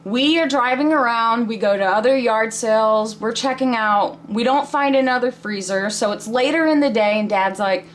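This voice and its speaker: A woman's voice: a little high, moderate pace, hardly any pauses. A woman in her thirties telling a family story in a chatty, casual way with laughs between lines.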